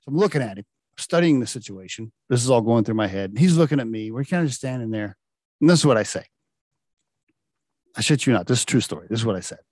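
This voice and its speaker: Animated man telling a work story. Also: medium pitch, quick pace, dry recording, studio quality. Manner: animated, laughing often, acting out quoted dialogue. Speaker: storyteller recounting a work anecdote. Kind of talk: casual anecdotal storytelling.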